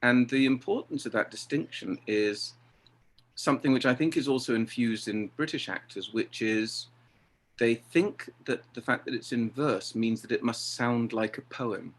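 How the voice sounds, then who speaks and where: A middle-aged man talking about directing, lively and acting out exchanges he quotes. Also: medium pitch, moderate pace. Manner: animated, acts out quoted exchanges. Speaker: theatre director. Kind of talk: conversational interview.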